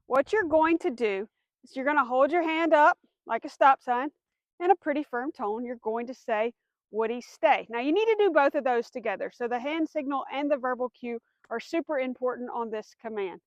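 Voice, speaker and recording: High-voiced woman dog trainer explaining. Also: animated, moderate pace, no echo, lo-fi sound. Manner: clear step-by-step explaining, firm commands to a dog. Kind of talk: instructional demonstration.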